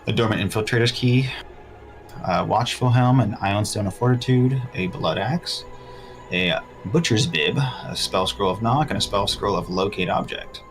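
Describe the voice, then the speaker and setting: A man narrating as game master, listing loot and describing scenes in a measured way. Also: on the low side, faint music behind.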